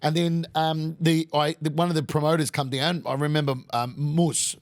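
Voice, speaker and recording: A man's voice: fairly high pitch, little pitch movement, normal speed, dry recording, studio quality. An Australian man in his thirties, telling a story as a podcast guest in a pub, swearing freely and acting out the people in his stories. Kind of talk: casual storytelling.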